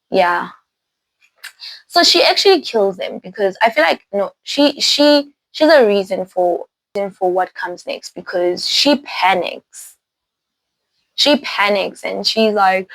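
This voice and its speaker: A woman hosting a casual spoiler recap of a film, talking in an animated, rambling way, with laughs and restarts. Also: mid-range voice, gravelly, dry recording, poor audio. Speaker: movie reviewer host.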